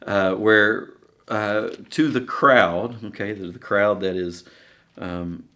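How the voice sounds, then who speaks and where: A man preaching a sermon in a conversational, halting way, with frequent fillers and restarts. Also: low voice, fairly bright tone.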